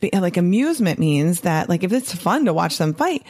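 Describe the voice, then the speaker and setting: A woman speaks in a lively, casual monologue, her pitch swinging widely as she makes her points. She keeps checking in with listeners on a rhetorical "right?" and laughs easily. She sounds like someone coaching fellow doctors. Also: moderate pace, slightly rough. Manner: animated, often tags "right?" and laughs. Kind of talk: casual podcast-style monologue.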